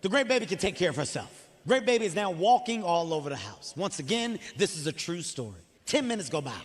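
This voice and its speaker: A man in his forties doing stand-up comedy on a theater stage, telling an animated, profane story and acting out the voices of the people in it. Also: sits high, brisk. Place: theater stage before an audience. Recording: live hall reverb, faint ambience.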